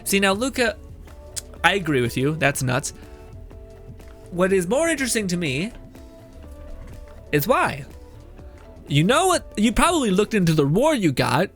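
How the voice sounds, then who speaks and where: Male streamer, fairly high voice, laughs a lot, swears, rambling chat with viewers, faint music underneath. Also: a little slow, pauses often. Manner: laughs often, swears freely, excitable and rambling. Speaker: game streamer. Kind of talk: casual livestream chat, reading chat messages.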